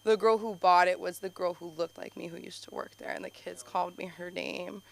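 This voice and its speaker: A woman doing a stand-up comedy set on a club stage, telling animated stories with constant "like"s. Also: on the low side, fairly quick, vocal fry, a little hiss or hum. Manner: animated storytelling, heavy use of "like". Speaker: stand-up comedian and show host.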